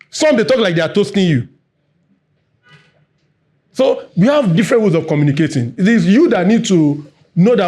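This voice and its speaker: A man giving a lively workplace training talk, talking fast and quizzing the room. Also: sits high. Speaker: workshop facilitator.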